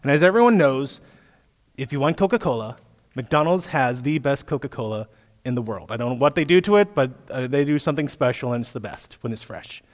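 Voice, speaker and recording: A man in his thirties, a pastor giving a sermon, telling stories with lively asides to his listeners. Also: medium pitch, a little fast. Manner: storytelling with animated asides to listeners. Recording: echoey hall, long reverb.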